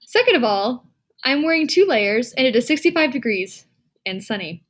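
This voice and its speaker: A young woman from Michigan who sits a little higher in pitch than most, chatting casually as a podcast co-host. She tells everyday stories with lively energy and slips into the voices of the people she met. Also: normal speed. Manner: chatty, animated storyteller who acts out quotes. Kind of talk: casual chat.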